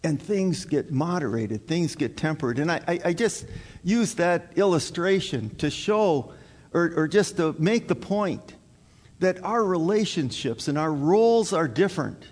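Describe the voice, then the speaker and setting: A man's voice: fairly high pitch, expressive, a little slow, a little mellow. A male pastor preaching a sermon to his congregation in an earnest, emphatic way, repeating his key points. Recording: long hall reverb.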